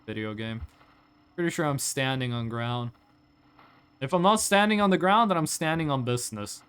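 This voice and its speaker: A man from Norway, chatting to viewers during a live game stream in an animated, joking, rambling way. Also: a little high, clean tone.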